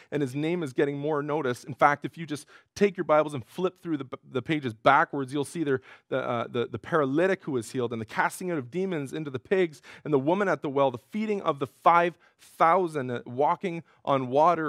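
A male pastor preaching a sermon in an earnest way, rising in pitch and force when he quotes cries. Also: brisk, hardly any pauses, fairly bright tone, no room sound, clean studio sound.

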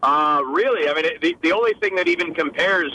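A man's voice: a little high, a little fast, pushed and bright, a little hiss or hum, low-quality recording. A man who is a guest on a sports radio show, speaking conversationally with plenty of restarts. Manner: conversational, many restarts and fillers. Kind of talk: casual radio interview.

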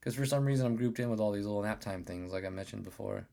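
Speaking quickly with vocal fry and a dark tone, this thirtysomething podcast host has a fairly low voice. His casual solo rant wanders all over, full of profanity and frequent restarts.

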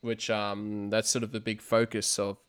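A man's voice: lowish voice, completely flat delivery, normal speed, clean tone. A man co-hosting a casual fan podcast, hesitant with many fillers and restarts. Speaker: podcast co-host.

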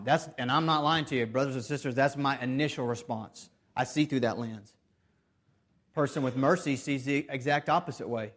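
A man preaching a sermon earnestly, with restarts and repeated phrases, swinging between loud emphasis and soft, hushed stretches. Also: medium pitch, moderate pace. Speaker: pastor.

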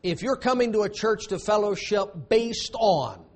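A man preaching a sermon as pastor, emphatic, with dramatic pauses and drops to a hushed voice. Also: sits high, lively intonation.

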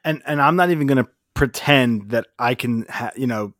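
A man's voice: medium pitch, moderate pace, fairly bright tone, no echo, clean studio sound. A man co-hosting a casual chat, easygoing and self-deprecating. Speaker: podcast co-host.

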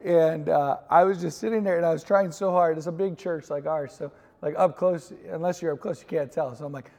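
A man speaks from the stage of a large church, the long reverb of the sanctuary trailing his words. He is a pastor telling frank personal stories in a relaxed, conversational way. His voice sits a bit high and has a gravelly edge. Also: fairly quick. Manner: candid storytelling with laughs, asks co-host questions. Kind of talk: conversational sermon talk.

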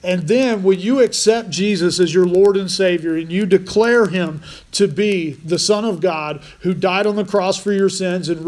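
A man's voice: high-pitched, darkish tone. A man preaching a conversational sermon as pastor, restarting phrases often.

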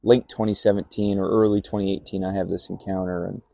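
A young man tells a personal story in a relaxed, rambling way, full of fillers and acted-out bits of dialogue. His voice sits a little low, with a gravelly edge and a mellow, dark tone. The sound is dry and close. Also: fast talker, no echo. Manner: rambling, acts out remembered dialogue with many fillers. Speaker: podcast guest telling a testimony. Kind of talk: casual storytelling.

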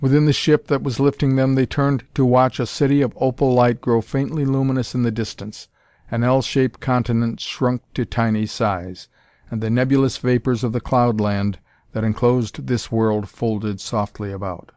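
A man reading a science fiction audiobook in measured, even storytelling narration. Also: mid-range voice, no room sound, studio quality. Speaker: audiobook reader. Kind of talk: scripted narration.

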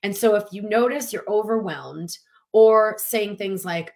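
A woman coach giving a casual, animated motivational talk, acting out little quotes and filling with "like". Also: medium pitch, measured pace. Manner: animated, chatty, lots of "like" and acted-out quotes. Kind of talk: motivational talk to an online audience.

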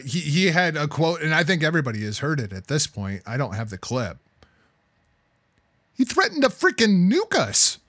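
A man co-hosting a heated political talk podcast, profane and exasperated, swinging between loud outbursts and low muttering. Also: no echo. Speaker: podcast co-host.

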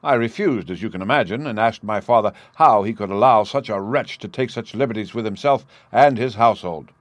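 Man voicing a troubled young son, earnest, low-pitched. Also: brisk, no room sound, lightly acted.

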